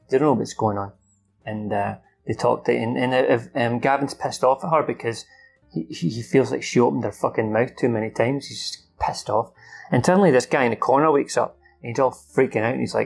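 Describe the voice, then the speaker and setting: Gravelly man excitedly recapping a film. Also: medium pitch. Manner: animated, swears often, acts out characters' lines. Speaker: film reviewer. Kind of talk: unscripted plot recap.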